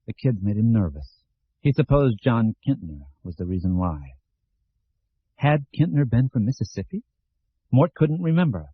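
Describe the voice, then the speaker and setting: A man reading an audiobook in a measured storytelling style. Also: on the low side, husky, no room sound. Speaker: audiobook narrator. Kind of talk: scripted narration. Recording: dull lo-fi audio.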